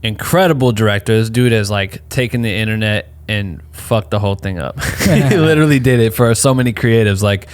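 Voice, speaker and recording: A man co-hosting a podcast, talking in an excited, casual way with plenty of swearing. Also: fairly low pitch, brisk, few pauses, clear, resonant tone. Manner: hyped, profane, enthusiastic. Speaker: podcast co-host.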